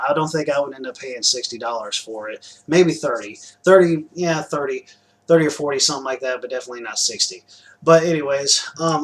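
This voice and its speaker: A man's voice: medium pitch, a bit bright, rough recording. A young man rambling casually about games he just bought, with lots of fillers, restarts and the odd swear word. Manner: loose and chatty, many fillers, restarts and "to be quite honest", casual swearing. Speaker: gaming vlogger showing new purchases. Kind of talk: rambling casual vlog chat.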